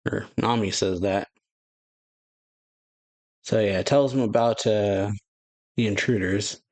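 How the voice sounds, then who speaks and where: A man's voice: fairly low pitch, fairly even intonation, slow pace, a little mellow, low-quality recording. A man hosting a reaction video, casually reading a manga chapter aloud and paraphrasing it, now and then stumbling over names. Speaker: anime reaction channel host.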